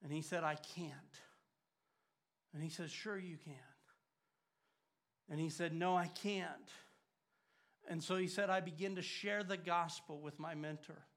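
An older man preaching a sermon, swinging from loud urgent emphasis to hushed, near-whispered lines. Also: a little high, fairly even intonation, unhurried, gravelly, long pauses.

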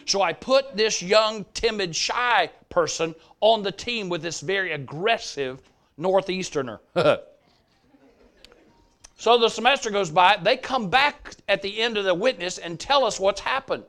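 High-voiced older southern preacher man, telling stories in a sermon, acting out the voices. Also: a little slow. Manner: animated storytelling, acts out quoted voices. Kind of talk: sermon storytelling.

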